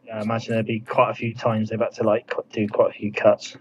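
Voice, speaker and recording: A man's voice: fairly low pitch, completely flat delivery, fast talker, a little hiss or hum. A man chatting casually and agreeably with a friend. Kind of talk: casual chat. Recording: slightly dull, lo-fi sound.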